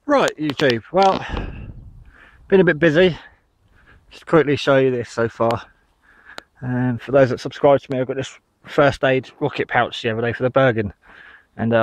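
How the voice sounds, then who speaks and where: British man, casual outdoor vlog, a bit winded, dry close sound, mid pitch, rambling delivery. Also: normal speed, dry recording. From United Kingdom. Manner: rambling, with many ums. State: slightly out of breath. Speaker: vlogger. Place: outdoors in a field.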